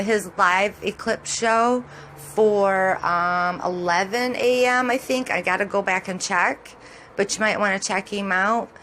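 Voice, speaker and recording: A woman's voice: mid-range voice, slow, a bit bright, slight background noise. A middle-aged woman with a Michigan accent and Southern touches, chatting casually and rambling as a vlogger while commenting on sky photos, laughing often.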